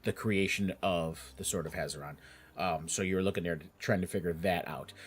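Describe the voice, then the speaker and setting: A low-voiced man with a husky tone narrates as game master. He talks in a halting, searching way, often stopping and restarting. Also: steady tone. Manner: halting, with many fillers and restarts.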